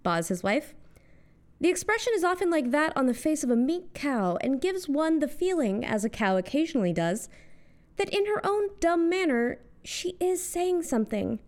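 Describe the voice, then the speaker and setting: A young woman with an American accent delivers a scripted comic monologue in a high, bright-toned voice. She lands sarcastic asides with punchy timing, swinging her tone up and down for effect. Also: big pitch swings, normal speed. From United States. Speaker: host.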